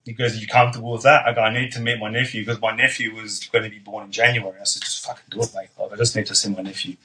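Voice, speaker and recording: A man's voice: lowish voice, flat delivery, rapid-fire, pushed and bright, a little hiss or hum, rough recording. A young man telling his story as a podcast guest in a casual, blunt way, swearing freely and dropping plenty of ums and likes.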